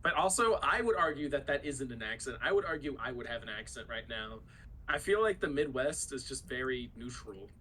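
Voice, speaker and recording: A young man from Ohio joins a casual podcast chat with a bright, forceful voice. He teases his co-host and laughs often. Faint room ambience sits under the talk. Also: mid-range voice, lively intonation, brisk, slight background noise, low-quality recording. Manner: laughs often, light teasing.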